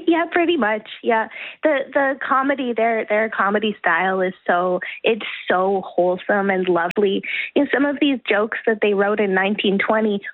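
A woman's voice: mid-range voice, moderate pace, no echo. A woman, a guest performer answering questions in a friendly, upbeat way in a live radio interview. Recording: tinny phone-like line.

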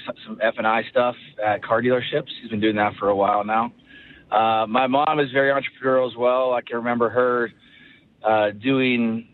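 A man from Ohio in his thirties, a pro quarterback guesting on a radio talk show, chatting casually and rambling with lots of fillers and restarts. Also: medium pitch. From Ohio, USA. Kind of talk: casual interview chat. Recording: tinny phone-like radio broadcast.

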